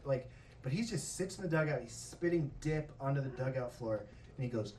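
A man telling a stand-up story on a comedy stage, swearing freely and acting out yelling coaches. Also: fairly high pitch, brisk, distant mic, slight background noise. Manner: profane, animated, acts out coaches' yelling. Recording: echoey hall with crowd laughter, mic from afar. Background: audience laughing.

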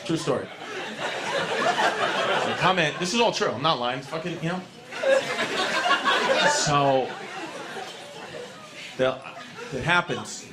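Brash, tipsy New comic. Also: male voice, mid-range voice, background noise. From New York. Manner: brash and profane, laughing through punchlines. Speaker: comedian. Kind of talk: stand-up storytelling.

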